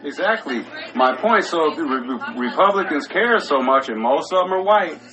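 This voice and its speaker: A man's voice: fairly high pitch, expressive, moderate pace, a crowd in the background, poor audio. A man co-hosting a casual podcast, rambling through stories with many restarts and asides, smoking as he talks. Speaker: podcast co-host. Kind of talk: casual chat.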